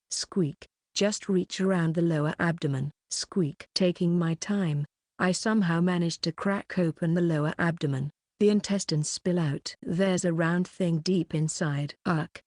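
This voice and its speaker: A woman reads a novel aloud in a low, level voice, taking each line at a measured pace. The recording is dry and close, with no room sound around her. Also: mellow, no room sound. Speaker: audiobook narrator. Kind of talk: scripted narration.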